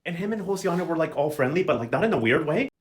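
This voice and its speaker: A man's voice: on the high side, lively intonation, fast talker. A young man giving a sassy, gossipy recap of a soap opera, casually chatting and briefly imitating the characters. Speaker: novela recap vlogger.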